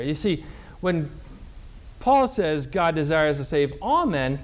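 Male pastor, sermon teaching; high voice that swoops up and down, reads scripture deliberately, quizzes the room. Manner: animated, asks the congregation questions and answers himself. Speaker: Lutheran pastor.

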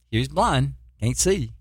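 A man's voice: medium pitch, expressive, slow, husky, dry recording, clean studio sound. A man preaching a sermon as a missionary, fervent, full of rhetorical questions and repeated words.

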